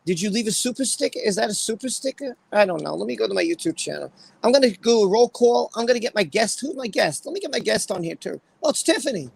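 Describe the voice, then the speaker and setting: A man's voice: high voice, animated, fast talker, creaky, breathy edge, poor audio. A man hosting a livestream and chatting casually. He sounds emotional and apologetic, and he reads out viewers' comments by name. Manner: emotional, apologetic, reads chat names aloud. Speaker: livestream host.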